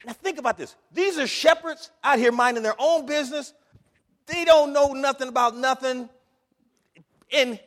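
Male preacher, high voice, dynamic delivery from whisper to shout, long church-hall reverb. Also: normal speed. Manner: dynamic, swings from hushed whispers to loud exhortation. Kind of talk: sermon.

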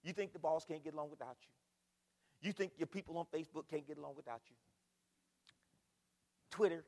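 Older man, pastor, animated sermon, high voice, long church reverb. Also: a little fast, pauses often. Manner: animated preaching with rhetorical questions and repetition. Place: church sanctuary.

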